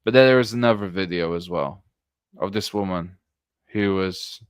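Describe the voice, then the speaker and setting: A man giving an earnest livestream monologue, halting and restarting as he talks. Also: low voice, clean tone, no room sound, studio quality. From Britain. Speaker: political streamer.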